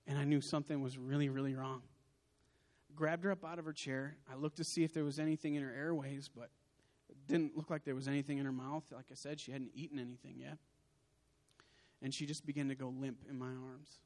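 Young man, slightly high voice, heartfelt preaching testimony, long hall reverb. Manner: emotional, swelling to forceful outbursts. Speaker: speaker giving a testimony. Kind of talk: sermon testimony.

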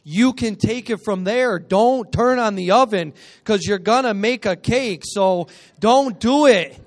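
Guy preaching in church, high voice, all fired up, jokey, asks the crowd for amens. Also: a little slow. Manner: energetic, joking, call-and-response. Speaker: guest preacher. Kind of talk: sermon.

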